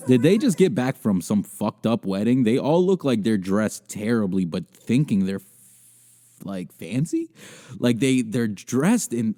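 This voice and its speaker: A young man's mellow, mid-range voice moves in a sing-song way at a measured pace. As host of a podcast, he rambles through a crude tale and video commentary, laughing often and teasing himself.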